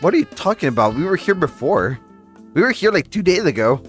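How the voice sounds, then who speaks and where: Guy co-hosting a stream, jokey and quick, reads chat out loud, some music faintly behind. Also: on the high side, sing-song. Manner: quick, joking, reads out viewer comments. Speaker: co-host. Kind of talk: casual chat on a live stream.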